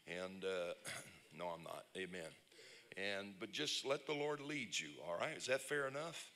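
A man preaching a lively, humorous sermon, telling stories and breaking into shouts. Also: lowish voice, a little slow. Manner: animated storyteller, bursts into shouts and laughs. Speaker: pastor. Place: church conference service.

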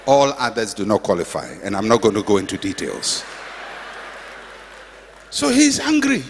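Emphatic pastor preaching. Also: male voice, lowish voice, very animated, moderate pace, vocal fry, pauses often, slightly rough. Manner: emphatic, repetitive exhortation with humorous asides. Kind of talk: sermon. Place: church. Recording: echoey church hall.

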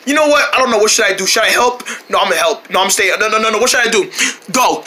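Brief: woman narrating and voicing every character in a toy play scene, shouty and dramatic, very lively pitch, bright tone, faint noise behind. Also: moderate pace. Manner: shouty, dramatic, switches voices constantly. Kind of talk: improvised toy play-acting.

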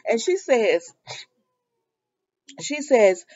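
A woman's voice: medium pitch, animated, normal speed, darkish tone, muffled recording. A woman casually recapping a soap opera episode, animatedly acting out the characters' lines and laughing often as she goes. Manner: laughs often while talking.

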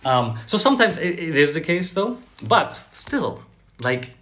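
A man's somewhat high voice, delivering casual vlog commentary. He talks with a sarcastic, chatty edge, peppering his points with "like" and "right?" and laughing often between them. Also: sing-song, a little slow, fairly bright tone. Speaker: vlogger. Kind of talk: casual direct-to-camera commentary.

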